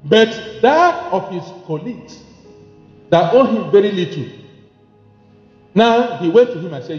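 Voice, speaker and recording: A man preaching a sermon with emphasis, repeating phrases and moving between soft speech and shouting. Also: high voice, big pitch swings, measured pace, pauses often. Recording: echoey lo-fi hall recording with faint music.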